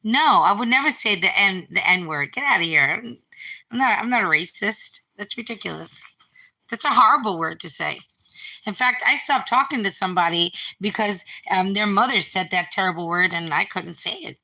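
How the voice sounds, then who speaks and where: A woman's voice: medium pitch, expressive, normal speed, bright, forceful tone, poor audio. A middle-aged woman rambling on a live stream from home, reading out viewer comments as she talks. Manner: rambling, reads out viewer comments, restarts often. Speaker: livestreamer. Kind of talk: casual live-stream chat. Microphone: phone.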